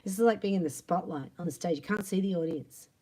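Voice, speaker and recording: A woman giving a tarot reading in a chatty, animated monologue, acting out imagined quotes and sometimes dropping to a soft whisper. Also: fairly low pitch, quick pace. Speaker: tarot reader.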